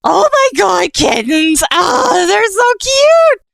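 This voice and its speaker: A woman voicing an excitable young male skeleton who coos and pleads over kittens. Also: extremely high pitch, slow, creaky, no echo, raised voice, clean studio sound, voice pushed up, heavily acted. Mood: excited. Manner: gushing, squealing, pleading.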